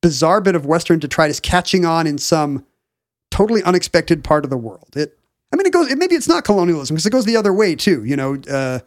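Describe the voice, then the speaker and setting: A man's voice: fairly high pitch, very animated, quick pace, no echo. Rambling, joking man on a dry mic. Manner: rambling, self-interrupting, joking. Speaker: podcast co-host. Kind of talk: casual chat.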